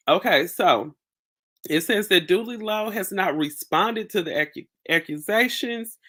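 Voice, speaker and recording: A woman hosting a casual commentary show, recapping a story slowly with many fillers. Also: mid-range voice, expressive, fairly bright tone. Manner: slow, filler-heavy reading and recapping. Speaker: host.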